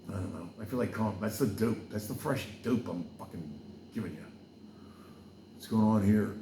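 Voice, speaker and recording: A man's voice: on the low side, moderate pace, warm tone, reverberant, slight background noise. A man from Wales hosting a podcast, talking loosely and drifting from campaign plans into preaching, with lots of fillers and asides. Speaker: podcast host. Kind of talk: rambling casual monologue with preaching.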